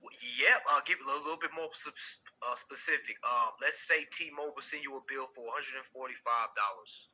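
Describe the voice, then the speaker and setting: A man's voice: mid-range voice, a little fast, hardly any pauses, bright, forceful tone, poor audio. A man teaching a class, who reads a legal text aloud and then explains it in a casual, direct way, calling his listeners family and asking them questions. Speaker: instructor.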